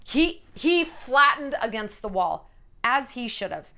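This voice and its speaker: A woman in her thirties talks straight to her viewers with sassy, no-nonsense dating advice. Her voice sits a little high and swoops all over the place. She tells stories in an animated, blunt way. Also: measured pace, vocal fry, a little hiss or hum. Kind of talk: casual advice monologue.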